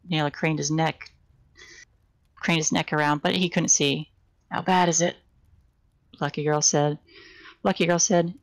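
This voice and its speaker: A woman's voice: sits low, gravelly, low-quality recording. A woman casually reading a novel aloud on a live stream, giving the characters' lines small shifts in voice and sometimes stumbling and restarting. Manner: reads dialogue with small shifts for characters, occasional slips and restarts.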